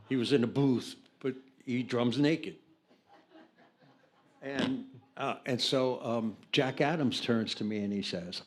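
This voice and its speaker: An older American record producer telling anecdotes in an interview, acting out the people in his story with lively changes of voice. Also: fairly low pitch, slightly rough. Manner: animated storyteller, acts out other people's lines.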